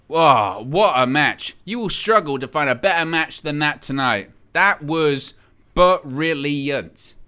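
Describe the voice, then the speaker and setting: A man hosting a watch-along, giving excitable live reaction commentary and repeating his exclamations. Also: a little high, clear, resonant tone.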